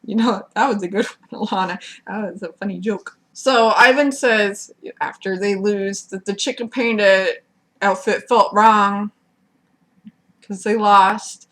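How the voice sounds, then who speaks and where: A woman's voice: mid-range voice, fairly even intonation, a little slow, a bit bright. A woman giving a casual, sarcastic recap of a TV episode, swearing freely and mocking the cast. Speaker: recap vlogger.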